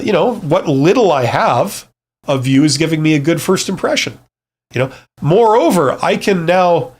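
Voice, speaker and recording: Middle-aged male host, casual live Q&A, fairly high voice, rambling, blunt and reassuring. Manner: conversational, frequent fillers and restarts, reassuring; blunt, joking asides. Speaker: livestream host, former CEO.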